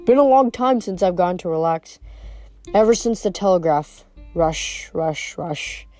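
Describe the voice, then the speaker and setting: A woman voicing a sly, relaxed male god who talks in a casual, wry way, reading a storybook aloud. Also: lowish voice, a little slow, soft background music.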